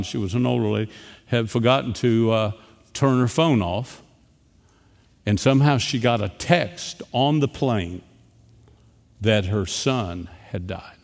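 Man preaching in a reverberant hall. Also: mid-range voice. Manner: storytelling, swings between quiet and emphatic. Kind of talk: sermon.

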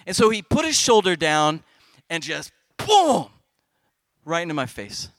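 High bright animated man telling a story. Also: unhurried, no room sound. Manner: animated, comic storytelling with big shifts in loudness. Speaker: speaker at a youth festival. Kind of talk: storytelling talk to kids.

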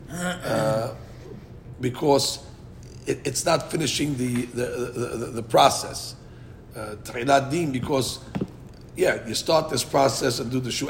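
A man with a gravelly, creaky voice leads a Talmud study class. He explains in English, slows down to chant Aramaic quotes, and often restarts a phrase before finishing the point. A faint rumble runs under the recording. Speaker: Talmud teacher.

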